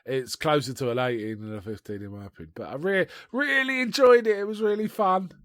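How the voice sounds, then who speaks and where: Man, casual podcast chat, rambling, animated, slightly high voice, dry sound. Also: fairly quick, no echo. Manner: rambling, animated retelling with laughs and restarts. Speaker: podcast co-host. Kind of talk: casual chat reviewing a film.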